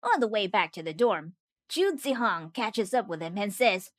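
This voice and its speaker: A woman's voice: medium pitch, big pitch swings, normal speed. A woman narrating a scripted anime recap with jokey, wisecracking asides.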